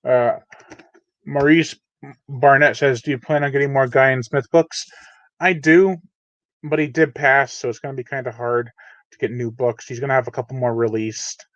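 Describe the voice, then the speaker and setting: A man hosts a live unboxing stream, talking loosely and filling pauses with "uh" and "um" as he reads chat. His voice is of middle pitch and sounds dull and lo-fi. The room around him is dry, with no echo. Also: fairly even intonation, a bit bright. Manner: casual, rambling, many fillers. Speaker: channel host. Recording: dull, lo-fi dry home mic.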